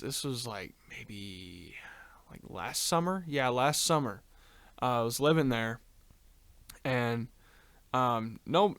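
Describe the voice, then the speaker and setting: Rambling through a long story on a casual podcast, this male co-host swears freely and leans on ums and uhs. His voice is medium in pitch and fairly bright, recorded clean and dry.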